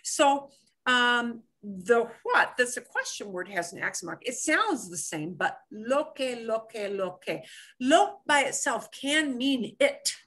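A woman teaching a beginners' class, her voice a little higher than most. She explains patiently and repeats the phrases over and over, full of energy. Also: slow. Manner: animated, explains with examples and repetition. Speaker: Spanish teacher. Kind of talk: live online language class.

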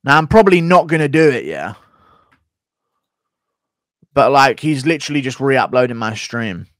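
Brief: male streamer, casual and profane, mid-pitched voice, dry close sound. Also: expressive, normal speed, a bit bright, no room sound. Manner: crude, profane, joking banter while reading donations. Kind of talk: casual live-stream chat.

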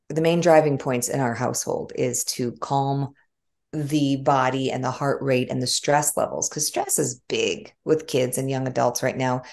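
Low gravelly woman with a Chicago accent. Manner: animated storytelling with frequent laughs. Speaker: guest, former broadcast journalist. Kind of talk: conversational interview.

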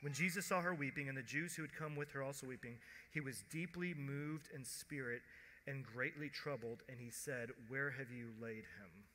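A man preaching a sermon as pastor, conversational, acting out quoted voices and dropping to a hush at tender moments. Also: medium pitch, normal speed. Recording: long church hall reverb.

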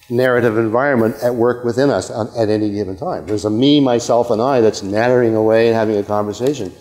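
A man's voice: mid-range voice, darkish tone. Older man lecturing in a reverberant hall. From Canada. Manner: rambling, self-interrupting, with frequent okays and asides. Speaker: university lecturer. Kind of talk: academic lecture.

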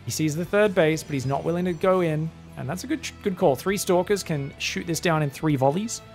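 A man's voice: a little high, fairly quick, vocal fry, soft background music. A man with an Australian accent doing solo esports commentary, chatty and joking with teasing asides. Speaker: esports caster.

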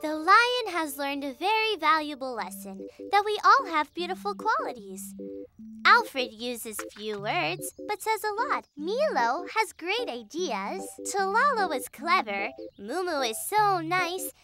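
A chirpy cartoon girl with a very high, lively voice. She speaks slowly over music. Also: full character voice. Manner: chirpy storytelling. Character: young cheerful cartoon girl, a bit vain.

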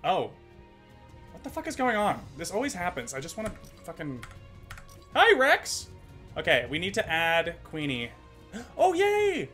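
Excitable swearing streamer guy. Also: a little high, moderate pace, faint music behind. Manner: excitable, swears a lot, jokey. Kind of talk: casual gaming livestream chat.

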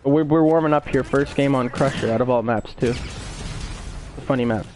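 A man's voice: mid-range voice, brisk, darkish tone, a little hiss or hum. A young man live-streaming a game, casually greeting his viewers by name over a gaming headset.

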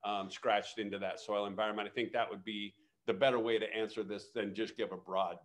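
A man's voice: on the low side, flat delivery, fairly quick. A man co-hosting a casual live webinar, giving practical advice with frequent "um" and "uh", heard over a video call microphone.

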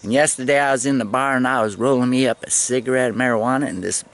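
A man in his fifties telling stories in a casual vlog, animated and swearing freely. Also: medium pitch, quick pace. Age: 50s. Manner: animated, swearing, laughing storyteller.

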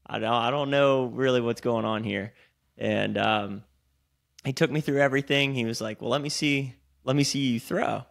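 A man, co-hosting a podcast in casual chat and telling animated, swear-laced stories. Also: medium pitch, moderate pace, creaky. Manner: animated storyteller, swears freely. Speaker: podcast co-host.

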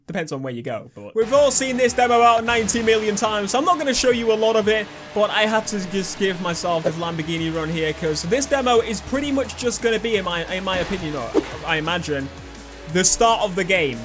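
A young man with a high voice chatters eagerly over his gameplay, joking and talking back at the screen. Faint game music plays underneath. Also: fast. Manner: excitable, chatty, jokey, talks back to the game. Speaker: gaming video host. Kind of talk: let's play commentary.

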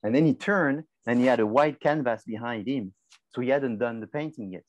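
A man's voice: mid-range voice, a little fast, no room sound. A male marketing professor giving a conversational class lecture, asking and answering his own questions.

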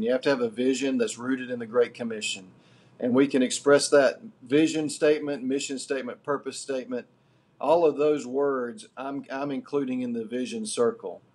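A middle-aged man giving a live class lecture as guest lecturer, building his points deliberately and earnestly. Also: medium pitch, a little mellow, slightly rough.

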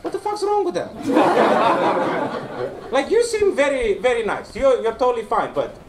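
This Romanian stand-up teases his crowd in a small basement club, playfully checking in with "right?" as part of his crowd work. His pitch is extremely high and swoops wildly, though his pace is moderate. A far-off, echoey room mic picks it up along with loud crowd noise.

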